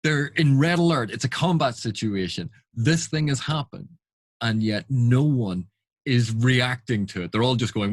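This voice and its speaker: A man's voice: medium pitch, lively intonation, moderate pace, no echo. A man giving unscripted reaction commentary, exasperated and full of rhetorical questions. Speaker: film and TV critic.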